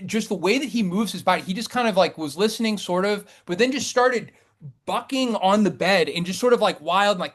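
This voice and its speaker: A man in his thirties, a poet talking casually in an interview, rambling with many fillers and restarts. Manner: rambling, many fillers and restarts, animated swings in pitch and loudness.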